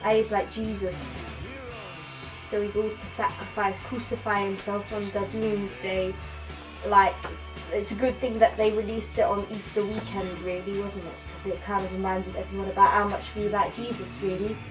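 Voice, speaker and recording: A woman's voice: medium pitch, flat delivery, moderate pace, over music, low-quality recording. A woman doing a rambling, slangy comic film review.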